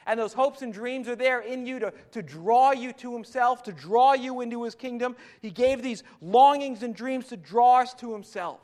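High-voiced pastor preaching. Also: male voice, moderate pace, hardly any pauses, a little mellow. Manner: conversational preaching with frequent restarts and rising emphasis. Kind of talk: sermon.

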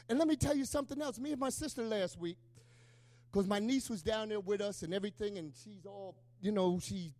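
A man's voice: extremely high pitch, a little mellow, dry recording. A middle-aged man, a pastor, preaching an emotional, conversational sermon with call-and-response asides.

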